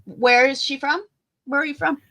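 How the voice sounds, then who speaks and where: Bright-voiced woman co-hosting a craft stream. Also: sits high, steady tone, normal speed, no echo. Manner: chatty, reads out viewer comments. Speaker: crafting co-host. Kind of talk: casual crafting livestream chat.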